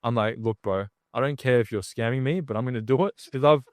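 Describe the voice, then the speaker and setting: With a quick pace and medium pitch, a man on a podcast spins casual, slang-filled stories, performing the lines of the people in them. The recording is close and dry, without room sound.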